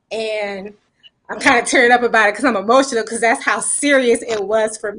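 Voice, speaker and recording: A woman on a faith panel sharing a personal story of grief, emotional and animated, laughing at times. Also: fairly high pitch, fairly quick.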